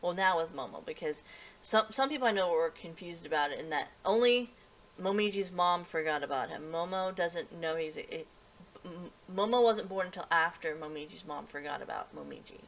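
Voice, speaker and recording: A woman's voice: fairly low pitch, expressive, a little fast, fairly bright tone. A woman casually recapping an anime episode as a reviewer, rambling and restarting sentences with many fillers.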